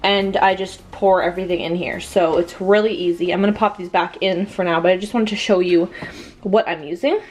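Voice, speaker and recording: A young woman, heavily pregnant and short of breath, keeps up casual chatter through a cooking vlog in her home kitchen, full of "likes" and "ums." Her voice is fairly low, steady, brisk, and a little mellow, with slight background noise.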